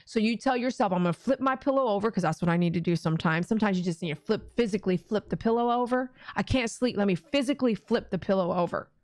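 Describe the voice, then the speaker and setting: A middle-aged woman with a Texan accent hosts a casual prayer livestream from home. She chats loosely with her viewers and acts out her own inner voice. Her voice sits at an ordinary pitch and sounds dry and close. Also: fast talker, few pauses, darkish tone, dry recording. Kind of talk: casual live-stream talk.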